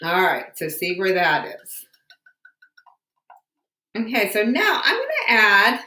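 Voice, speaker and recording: A woman's voice: mid-range voice, wildly swooping pitch, slow pace, sharp tone, echoey room. A woman teacher giving a science lesson from home, asking patient, encouraging questions. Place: home room.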